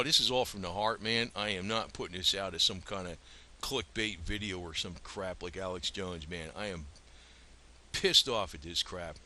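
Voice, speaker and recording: A man's voice: lowish voice, bright, forceful tone. A man ranting angrily in a home vlog, profane and rambling, swinging between outbursts and muttered asides. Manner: profane, heated, rambling rant. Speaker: vlogger.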